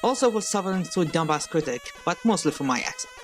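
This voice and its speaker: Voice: medium pitch, expressive, fast, faint music behind. Earnest commentator with a non-native accent. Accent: non-native English accent. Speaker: YouTube critic.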